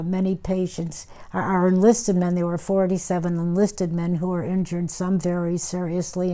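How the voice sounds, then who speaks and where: A woman, recalling wartime memories in an oral history interview, unhurried with many pauses and restarts. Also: on the low side, dark tone. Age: 90s. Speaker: war veteran interviewee.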